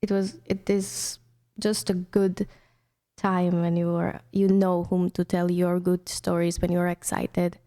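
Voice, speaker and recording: A woman's voice: lowish voice, flat delivery, slow pace, dark tone. A young woman from India, hosting an internet radio show in casual, chatty storytelling talk with many restarts.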